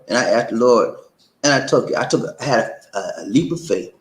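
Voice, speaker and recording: A man hosts a casual livestream in an echoey room. His pitch sits in the middle, and he talks loosely to his viewers. When he gets worked up, his voice leaps high and animated. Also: fairly quick. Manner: animated, swings up high when excited, says "man" and "okay?". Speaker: livestream host.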